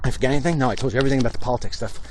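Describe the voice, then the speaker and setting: Racing along in a mid-range voice against a noisy background, a man delivers heated, blunt political commentary. He's livestreaming while walking down a street outdoors, talking into a phone held in his hand.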